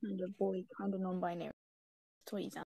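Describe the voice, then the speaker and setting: A woman with a British accent chatting casually on an online voice call, offering playful opinions with hesitant pauses. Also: fairly low pitch, little pitch movement, vocal fry, dark tone, breathy edge, no echo. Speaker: friend recording the chat. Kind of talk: casual chat.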